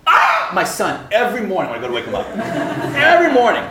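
A man's voice: high voice, quick pace, over a noisy crowd. A man giving a sermon to students, telling stories with humor and acting out the voices in them. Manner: animated, acts out voices in his stories. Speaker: campus minister giving a talk. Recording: echoey room, mic at a distance, faint noise.

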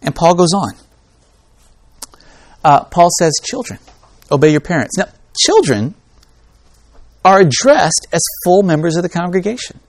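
A man's voice: sits high, expressive, unhurried, long pauses, no echo. A man teaching a Bible study class in a conversational, emphatic lecture style, with rhetorical questions. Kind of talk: informal lecture.

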